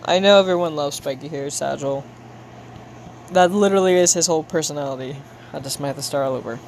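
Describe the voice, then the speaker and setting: Talking fast in a low, slightly mellow voice, a young woman streams herself drawing and chats casually with viewers. She's playful and full of slang, theatrically acting frustrated, and there's a little background hiss or hum.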